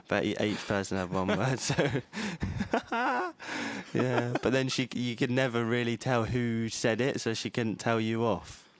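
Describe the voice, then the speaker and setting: A man's voice: mid-range voice, steady tone, moderate pace, few pauses, no echo. A young man co-hosting a podcast, chatty and swearing freely as he tells stories. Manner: chatty storyteller, swears freely, laughs often. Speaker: podcast co-host. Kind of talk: casual chat.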